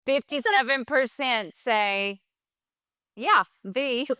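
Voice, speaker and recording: A woman's voice: high voice, slow pace, bright, forceful tone, clean tone, no room sound, clean studio sound. A woman co-teaching an online class, reading out poll results and adding friendly, supportive comments. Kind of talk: virtual class lesson.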